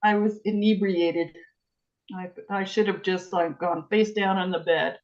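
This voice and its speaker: A woman on a video call, chatting casually and telling animated stories, acting out what people said. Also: lowish voice, a little slow. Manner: chatty, animated storytelling, acts out quotes. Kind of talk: casual chat. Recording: muffled video-call audio.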